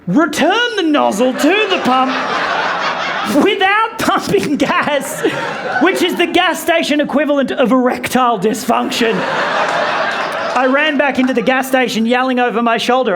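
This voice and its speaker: A man doing stand-up, telling a story in an animated way with rants, swearing and shouted punchlines in a comedy club. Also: very high-pitched, normal speed, noisy background. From from abroad, not American. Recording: comedy club with loud audience laughter.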